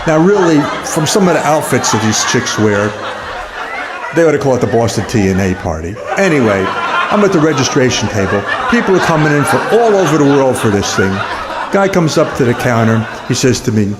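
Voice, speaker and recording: A man telling dance jokes in a rapid, punchy stand-up delivery. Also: mid-range voice, sing-song, a loud crowd, heavy background noise. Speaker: comedian. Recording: echoey hall.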